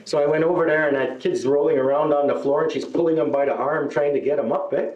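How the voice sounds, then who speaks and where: A middle-aged man doing a stand-up comedy set, telling a long story and jumping into higher voices for the people he quotes. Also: fairly even intonation, fast talker, darkish tone, dull audio. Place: live show venue. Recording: echoey live room.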